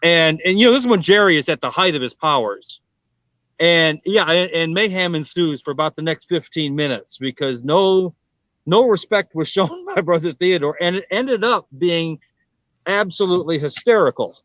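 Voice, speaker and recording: Comic chatting about old tv, laughs a lot, flat dry muffled audio. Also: mid-range voice, normal speed, dry recording. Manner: laughs often, chatty recollection. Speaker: comedian. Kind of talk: casual chat.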